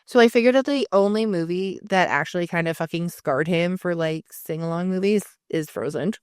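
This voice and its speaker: A woman's voice: lowish voice, fairly quick, smooth, dry recording, clean studio sound. A woman co-hosting a podcast, chatting casually in rambling tangents and swearing freely. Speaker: podcast co-host. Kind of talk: casual chat.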